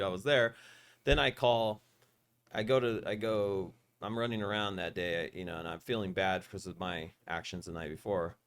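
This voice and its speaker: A man hosting a podcast, telling a long story in a rambling, profane, animated way. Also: fairly low pitch. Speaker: podcast host. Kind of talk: casual storytelling interview.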